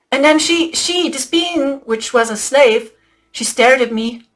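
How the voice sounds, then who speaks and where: A woman hosting a spiritual channel, telling a story with frequent laughter and excitable, whispered asides. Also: high voice, measured pace.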